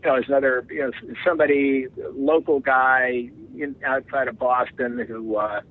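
A man's voice: mid-range voice, steady tone, moderate pace. A man being interviewed as a guest, rambling and filling his talk with "you know". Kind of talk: casual phone interview. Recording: tinny phone line.

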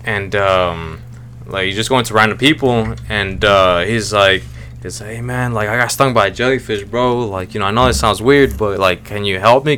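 A man's voice: on the low side, normal speed, slight background noise. A man in casual podcast chat, animatedly retelling a story and acting out the people in it. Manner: animated storyteller, acts out voices while retelling. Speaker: podcast co-host.

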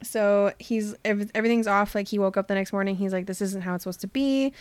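A woman hosting a casual book chat, retelling scenes with lots of quick voiced quotes and laughter. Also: medium pitch, steady tone, no echo. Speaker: podcast host recapping a book.

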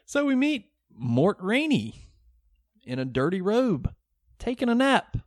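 A man with a slightly high voice walks through a movie's plot on a podcast. He laughs often and jokes as he goes. The sound is dry and close, with no room echo. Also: wildly swooping pitch, slow. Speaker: podcast co-host. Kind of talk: casual movie podcast chat.

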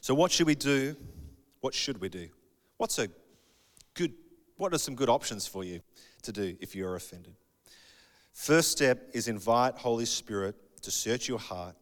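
A man preaching a sermon in a conversational, animated way, acting out bits of dialogue. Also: mid-range voice. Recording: long hall reverb.

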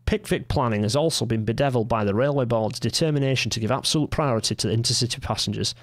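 A man's voice: medium pitch, fast talker, no room sound, natural voice. A man voicing a 1970s rail magazine editor, reading a comment aloud in a put-on Mancunian accent.

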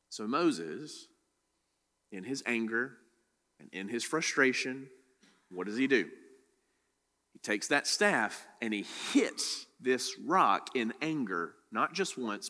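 A male pastor preaching a sermon in a church sanctuary. He reads scripture and explains it in a slow, lively delivery, his voice swinging up and down in pitch. The sound carries a long reverb from the hall. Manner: reads scripture then explains it with rising emphasis.

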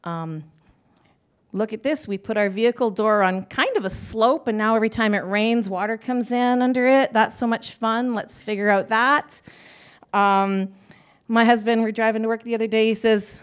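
A woman's voice: fairly high pitch, normal speed, clean tone. A woman panelist at a live conference, talking in a chatty, self-deprecating way and laughing often. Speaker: panelist, business owner.

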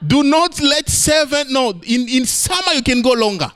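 A man preaching a sermon, playful and animated, swinging between high exclamations and low emphatic lines. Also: normal speed, clean tone, soft background music.

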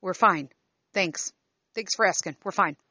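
A woman in her fifties imitating her older father, halting, stammering and trailing off without finishing sentences. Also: fairly low pitch, bright, forceful tone, slightly rough, no room sound, dull audio, exaggerated voice. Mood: fumbling. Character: older man, hesitant father who never finishes sentences.

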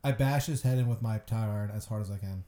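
A man playing along as a player in an improvised role-play, answering bluntly and deadpan. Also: on the low side, quick pace, roomy sound.

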